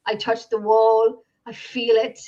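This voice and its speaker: A woman's voice: on the high side, flat delivery, takes it slowly, mellow. An Irish woman on a video call, telling a story in casual chat, emotional and rambling, with many restarts. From Ireland. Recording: dull lo-fi sound.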